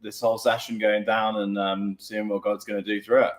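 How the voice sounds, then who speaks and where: Flat-voiced British man. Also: fairly low pitch, brisk. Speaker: co-host reading comments.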